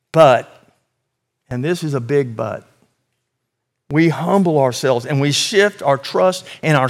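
A man preaching a sermon in an earnest, emphatic way, slowing and swelling for emphasis. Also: fairly high pitch.

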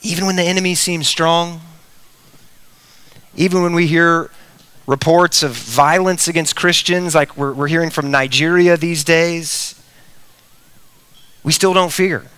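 A middle-aged man preaching a sermon, animated, with big swings in pitch and volume, sometimes speaking straight to the children. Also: unhurried, long pauses, smooth. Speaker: pastor.

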